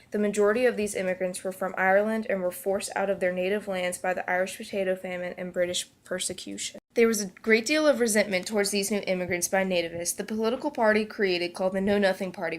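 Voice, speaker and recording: A woman's voice: mid-range voice, steady tone, fast talker, hardly any pauses. A woman reading a history report aloud for a class project, stumbling and restarting words now and then. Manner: reads aloud with occasional slips and restarts. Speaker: student presenter.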